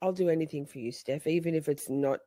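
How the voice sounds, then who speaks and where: A woman's voice: low voice, fast, warm tone, no room sound. A woman delivering a comedic rant with mock-dramatic, exaggerated outrage.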